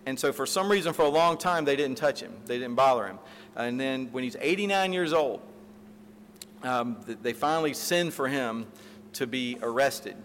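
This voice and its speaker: A pastor delivering a sermon, telling a story with animated retellings and acted-out quotes, then closing in prayer. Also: male voice, medium pitch, moderate pace. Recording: reverberant hall, faint room noise.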